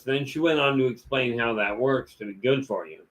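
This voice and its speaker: A man's voice: mid-range voice, moderate pace, a bit bright, poor audio. A man giving a rambling, folksy talk full of stories and asides as a vlog host. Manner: folksy, storytelling, many "you know" fillers.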